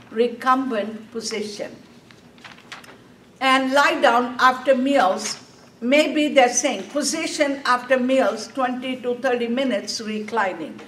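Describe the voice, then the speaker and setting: A woman's voice: on the high side, takes it slowly, a bit bright. A woman teaching a nursing exam class, asking questions and answering them herself. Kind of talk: classroom lecture. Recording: echoey classroom from a distance, faint room noise.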